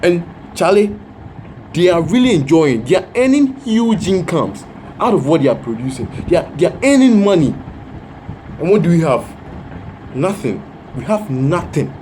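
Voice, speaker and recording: A man's voice: a little high, big pitch swings, normal speed, warm tone, slight background noise. A man giving casual, earnest commentary to his viewers. He often repeats words for emphasis. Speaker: reaction video host.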